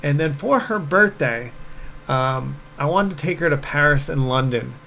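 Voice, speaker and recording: A man giving dating advice straight to the camera in a loose, conversational way, full of ums and asides. His voice sits a little high for a man. Faint background noise runs under the recording. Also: expressive, moderate pace, vocal fry, sharp tone, poor audio. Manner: casual, storytelling, many fillers. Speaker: dating coach. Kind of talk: direct-to-camera advice talk.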